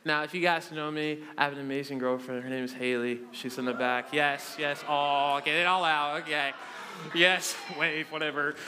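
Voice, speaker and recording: Young male preacher, twenties, high bright voice, playful self-mocking storyteller, large reverberant hall. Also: level tone, moderate pace, slight background noise. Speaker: youth preacher. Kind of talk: humorous sermon to a live congregation.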